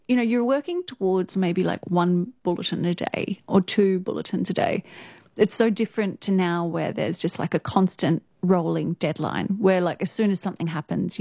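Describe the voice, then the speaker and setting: A woman's voice: on the low side, creaky, dark tone, dry recording, studio quality. A young Australian woman, a news presenter, telling stories casually in an interview, chatty, with many fillers and frequent laughs.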